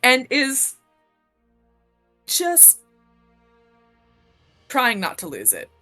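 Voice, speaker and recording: A woman's voice: high-pitched, huge pitch swings, extremely slow, pushed and bright, faint music behind. A woman playing a tabletop game, chatting casually and hesitantly. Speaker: player.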